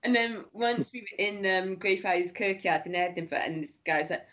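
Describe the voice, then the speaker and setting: Brief: woman guest, easygoing storyteller, mid pitch, muffled lo-fi audio. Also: normal speed, fairly bright tone. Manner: breezy anecdotes with many "like"s and mimicked quotes. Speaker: guest author. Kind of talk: casual chat. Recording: muffled lo-fi sound.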